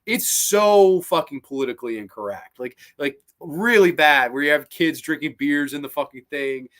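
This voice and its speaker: A man's voice: on the high side, moderate pace. A man hosting a casual live-stream movie chat, rambling and swearing a lot as he gets worked up. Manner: rambling, profane, animated. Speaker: host.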